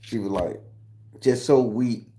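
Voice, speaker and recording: A man in his 40s from southern Florida hosts a livestream, telling stories casually and profanely. His voice is medium-pitched and slow, and he greets viewers loudly and uses profane slang. The room sounds echoey.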